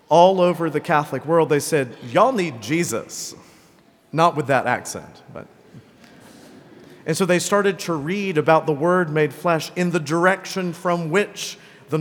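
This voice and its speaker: Male priest, conversational homily, frequent "right?" tags, long church reverb. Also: on the high side. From Greenville, South Carolina. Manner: conversational, often tags lines with "right?" and "okay?". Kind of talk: sermon.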